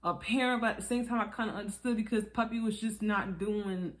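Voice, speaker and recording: Animated woman recapping reality TV. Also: medium pitch, a little fast. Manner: animated, acts out quotes with laughs. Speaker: reality TV reviewer. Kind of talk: casual recap commentary.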